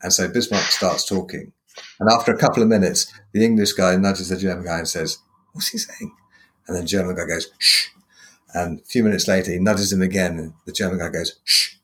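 A man hosting a podcast interview, thoughtful and anecdotal, telling stories with frequent pauses and fillers. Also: low voice, fairly even intonation. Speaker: podcast host. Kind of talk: casual interview chat.

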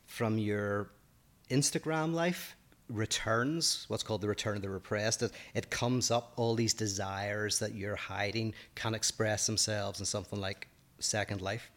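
A man's voice: on the low side, steady tone, unhurried, fairly bright tone. A man with a Northern Irish accent, co-hosting a podcast and explaining ideas at length, thinking aloud in casual philosophical discussion. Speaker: podcast co-host.

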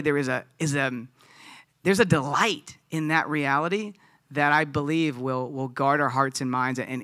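A man's voice: mid-range voice, fairly bright tone, no room sound, clean studio sound. A man preaching a conversational sermon as pastor, earnest and thinking aloud with frequent restarts.

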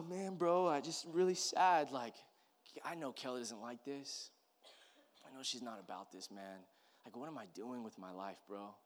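A man preaching as a pastor, telling a personal story in a conversational way that swings from hushed to emphatic. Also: on the high side. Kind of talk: sermon storytelling.

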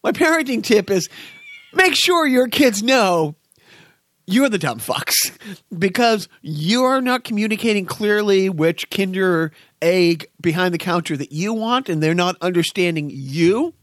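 A man's voice: high voice, animated, measured pace, a bit bright, no echo, studio quality. An American man co-hosting a podcast in casual chat, rambling and joking with profanity and many stammered restarts. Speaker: podcast co-host.

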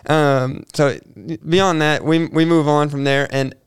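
A man's voice: on the high side, steady tone, unhurried, smooth, dry recording, studio quality. A young man, a podcast guest telling a personal story, earnest and often restarting his words. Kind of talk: casual storytelling interview.

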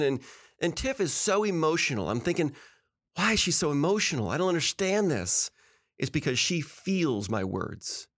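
A man's voice: on the high side, a bit bright. A middle-aged man hosting a talk, giving earnest, emphatic relationship advice and laughing often. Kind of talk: casual motivational talk.

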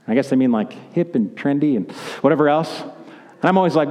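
A man's voice: mid-range voice, moderate pace, pauses often, mellow. A man preaching a sermon as pastor, conversational and joking, in a church sanctuary. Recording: echoey hall.

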